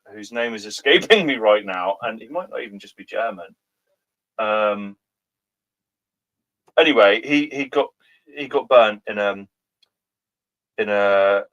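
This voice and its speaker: A man's voice: medium pitch, a bit bright. A man co-hosting a comedy show, bantering casually with hesitant ums. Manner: hesitant, full of ums, laughs easily.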